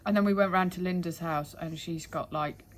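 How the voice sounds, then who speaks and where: A woman's voice: fairly low pitch, steady tone, a little fast, slight background noise, low-quality recording. A woman getting her nails done at home, chatting and rambling through long, loose explanations. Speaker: client, the host's sister. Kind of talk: casual chat.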